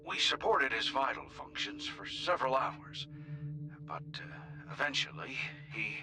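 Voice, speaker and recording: A man voicing a doctor in a game, formal and measured on a call. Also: a little high, steady tone. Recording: voice over clear music.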